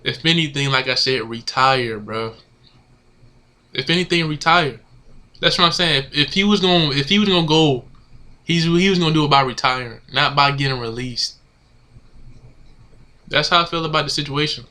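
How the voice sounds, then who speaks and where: A man's voice: a little high, normal speed, long pauses, bright, forceful tone. A man ranting casually to his camera as a sports fan, exasperated and slangy, repeating himself. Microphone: camera mic.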